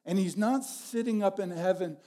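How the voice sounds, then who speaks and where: A middle-aged pastor with a high, mellow voice delivers a sermon to his congregation. He talks in a relaxed, storytelling way, often repeating a phrase for weight. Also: moderate pace.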